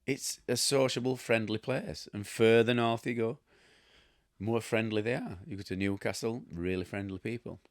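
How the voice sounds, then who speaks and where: Low-voiced, blunt Yorkshireman. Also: steady tone, moderate pace, dry recording, studio quality. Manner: rambling storyteller, chuckling, blunt asides. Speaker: host. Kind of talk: casual chat to camera.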